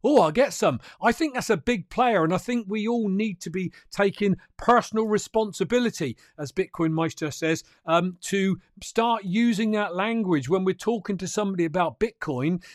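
A man's voice: high-pitched, normal speed, hardly any pauses, no echo, clean studio sound. A man hosting a crypto news livestream, talking to viewers in a chatty, emphatic way. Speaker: crypto news show host. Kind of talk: casual livestream commentary.

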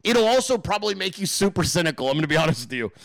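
A man's voice: high-pitched, very animated, very fast, gravelly, fairly bright tone, no room sound. A man hosting a political livestream, ranting in an emphatic, profane, rambling way and talking straight to his viewers and chat. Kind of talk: casual profane political rant.

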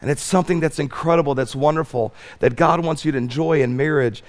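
A man preaching a sermon as pastor, swinging from loud stretched emphasis to soft pleading. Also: a little high, fast, hardly any pauses. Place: church sanctuary.

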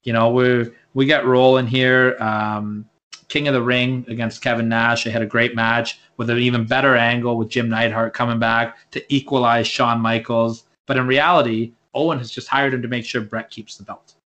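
A man's voice: mid-range voice, little pitch movement, normal speed, a bit bright, lo-fi sound. A man co-hosting a casual podcast about wrestling, rambling and restarting his sentences as he makes his case. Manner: rambling, repeats words when restarting. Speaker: podcast co-host.

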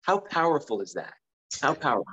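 A man's voice: fairly high pitch, very animated, brisk, bright, forceful tone, breathy edge, poor audio. A man who works in anesthesia, talking in a casual conversation, earnest and enthusiastic as he explains patient care. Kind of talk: casual chat.

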